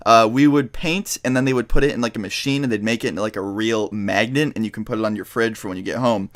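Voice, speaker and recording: A man telling a childhood story in a vlog, talking fast, animated and full of swearing. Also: fairly low pitch. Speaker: vlogger.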